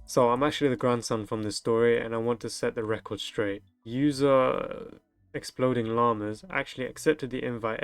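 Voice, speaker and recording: Reading online delivery-driver stories out loud, a young male streamer keeps interrupting with crude, joking reactions. He speaks in a lowish voice with a clean tone and no echo.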